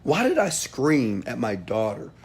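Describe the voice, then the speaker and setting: Man, motivational speaker, husky voice, emphatic, loud bursts and quiet asides. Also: medium pitch, wildly swooping pitch, a little slow. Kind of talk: motivational talk to camera.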